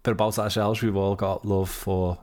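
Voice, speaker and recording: A man hosting a casual sports podcast, chatty and quick to laugh. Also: deep voice, flat delivery, darkish tone. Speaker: podcast host. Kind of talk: casual chat.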